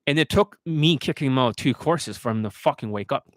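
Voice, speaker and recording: A man's voice: mid-range voice, lively intonation, a little fast, no echo. Profane, ranting man with a dry sound. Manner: profane, scornful, aggressive ranting. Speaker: dating coach. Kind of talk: ranting monologue.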